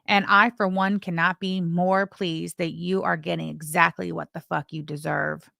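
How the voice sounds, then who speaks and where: A woman's voice: fairly low pitch, level tone, normal speed, vocal fry, hardly any pauses, sharp tone, no room sound, clean studio sound. A woman co-hosting a live stream, talking casually in a blunt, profane and scornful way. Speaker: co-host of a live commentary stream.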